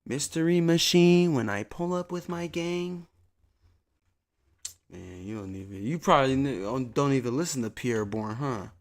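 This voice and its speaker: A man streaming from a small home desk, chatting to viewers in a slangy, profane, rambling way into a desk mic, sometimes yelling at a friend. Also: medium pitch, expressive, moderate pace. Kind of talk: casual live-stream chat. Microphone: desk mic on a soundboard.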